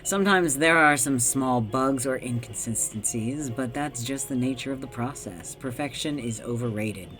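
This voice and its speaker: A man reading a smooth, coaxing game narrator. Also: mid-range voice, normal speed, hardly any pauses, a bit bright, soft background music, natural voice.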